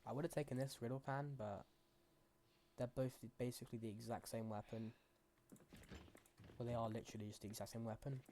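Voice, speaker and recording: A man's voice: mid-range voice, fairly even intonation, fairly quick, pauses often, mellow, a little hiss or hum. A man hosting a gaming channel, talking to himself as he plays in loose, rambling commentary full of fillers and restarts. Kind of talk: casual gameplay commentary.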